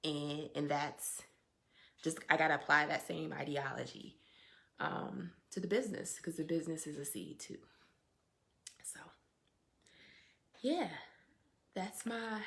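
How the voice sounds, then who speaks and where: A young woman with a lowish, gravelly voice and a bright, forceful edge talks straight to her viewers. She reflects in a casual way, and she turns emphatic and animated as she drives her points home. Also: a little slow, pauses often. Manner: animated, emphatic, with colloquial asides. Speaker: anti-bias educator hosting a weekly update.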